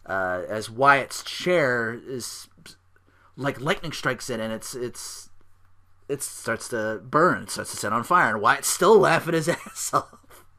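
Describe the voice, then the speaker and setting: A man's voice: medium pitch, lively intonation, takes it slowly, pushed and bright. A man hosting a casual solo podcast. He talks in a rambling, profane way with lots of fillers. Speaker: podcast host.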